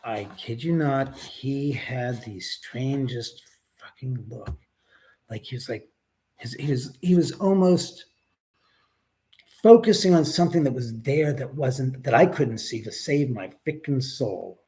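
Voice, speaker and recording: A man's voice: medium pitch, lively intonation, measured pace, mellow. A man hosting a casual livestream from his house, rambling and swearing freely as he talks to his dog and answers viewers. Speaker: livestream host. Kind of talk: casual live-stream chat.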